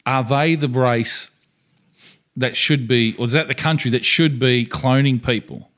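A man's voice: medium pitch, fairly even intonation, unhurried, a bit bright. A man co-hosting a podcast, chatting casually in a rambling, jokey way. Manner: rambling, jokey, trails off and restarts. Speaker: podcast co-host. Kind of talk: casual chat.

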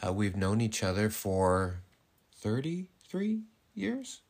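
A middle-aged man co-hosting a podcast in relaxed chat. His voice sits very low but moves around a lot, and he laughs often while filling gaps with uhs and ums. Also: slow. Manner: laughing, full of fillers and restarts. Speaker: podcast co-host. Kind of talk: casual storytelling chat.

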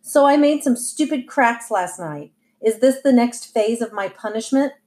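A woman's voice: on the high side, expressive, normal speed, darkish tone, lightly acted. A woman reading aloud, voicing a defensive middle-aged father who grumbles and sulks. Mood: grumbling.

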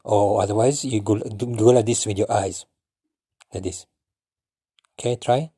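A man's voice: lowish voice, steady tone, brisk, warm tone, breathy edge, dry recording, clean studio sound. A man from Italy, giving an informal lesson and animatedly acting out greetings with exaggerated exclamations. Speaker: language teacher.

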